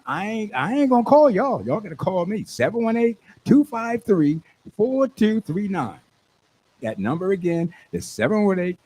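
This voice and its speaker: An older man, a radio station manager hosting his talk show, hyping an event with exuberant, preachy shouts. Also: high-pitched, breathy edge. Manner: exuberant, preachy call-and-response, shouts when excited. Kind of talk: hyped radio promo talk.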